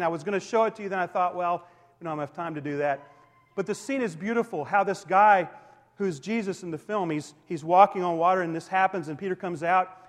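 A man in his forties delivers a sermon from the pulpit, his voice pitched high. He is animated, climbing to loud emphatic peaks and then dropping to near-whispered asides. The sound carries a long reverb from the church sanctuary. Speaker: pastor.

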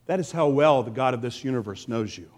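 A man preaching a sermon with passion, swinging between loud and hushed delivery. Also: mid-range voice, expressive, a little fast, big-room sound. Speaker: pastor.

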